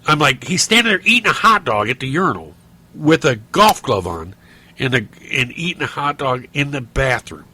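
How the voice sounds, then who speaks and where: A man's voice: medium pitch, big pitch swings, moderate pace, bright, forceful tone, breathy edge. A middle-aged man hosting a podcast, telling rambling stories and ranting with lots of restarts and fillers. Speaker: podcast host. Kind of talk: casual monologue.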